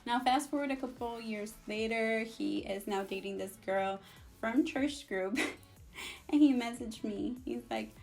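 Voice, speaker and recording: Sassy high-voiced woman. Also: a little slow, soft background music. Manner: sassy, animated, switches between English and Spanish. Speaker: vlogger. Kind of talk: storytime vlog.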